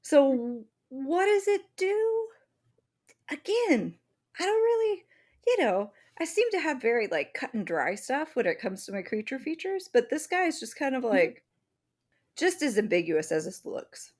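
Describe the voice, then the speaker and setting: A woman co-hosting a podcast, presenting the episode's topic in casual chat, animated and swearing freely. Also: sits high, a little slow. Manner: animated, swears freely, acts out little voices.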